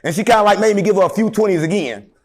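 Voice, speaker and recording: High-voiced man telling rambling stories. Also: rapid-fire. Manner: animated, rambling, deadpan joking. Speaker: interview guest. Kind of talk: rambling storytelling in casual interview.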